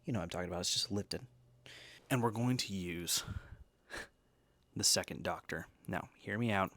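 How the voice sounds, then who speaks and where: Man, low pitched, casual chatty host, jokey asides, dry recording. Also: moderate pace, a bit bright, no room sound. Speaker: host reviewing energy drinks and decks. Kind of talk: casual chat.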